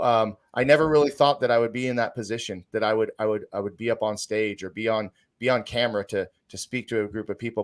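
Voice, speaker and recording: A man hosting a podcast panel discussion over a video call, talking casually with many halting restarts. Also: mid-range voice. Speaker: podcast host.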